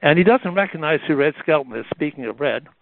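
Animated man telling stories over a phone line. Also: fairly high pitch, quick pace, creaky, dry recording. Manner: animated, acts out the voices in his stories. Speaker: guest telling stories about a friend. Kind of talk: anecdotal storytelling on a radio call. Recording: tinny phone-like radio line.

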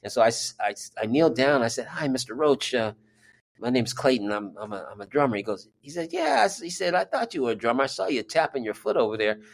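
A man's voice: mid-range voice, sing-song, quick pace, vocal fry. A man, a drummer and music teacher, telling a story as an interview guest and acting out the voices he quotes.

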